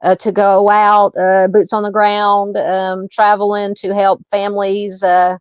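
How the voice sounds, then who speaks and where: Southern woman, true crime streamer, relaxed filler-heavy chat, dull lo-fi sound. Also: mid-range voice, measured pace, clean tone, no room sound. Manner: relaxed and chatty, frequent ums and uhs. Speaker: true crime livestream host. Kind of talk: casual livestream chat reading viewer comments. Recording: dull lo-fi dry home mic.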